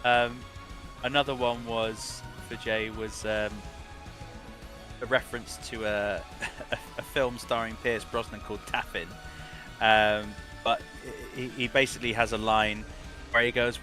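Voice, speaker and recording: Bright-voiced rambling male voice director. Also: medium pitch, fairly even intonation, normal speed, soft background music. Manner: long rambling answers with restarts. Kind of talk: interview answers.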